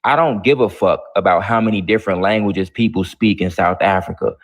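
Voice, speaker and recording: A man's voice: lowish voice, brisk. A man hosting a live online talk show, brash and profane, mocking his callers. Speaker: host.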